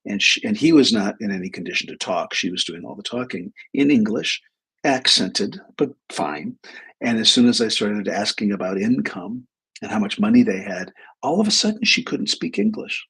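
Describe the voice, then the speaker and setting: A middle-aged man hosting a live advice stream, telling a story from his clinical work with animated asides. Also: lowish voice, moderate pace, slightly rough. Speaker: host, clinician.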